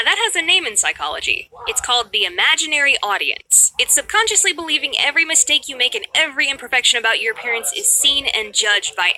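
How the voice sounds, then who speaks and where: A young woman telling a scripted storytime about her school days in a lively, sarcastic, jokey way. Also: fairly high pitch. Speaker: animated storytime narrator.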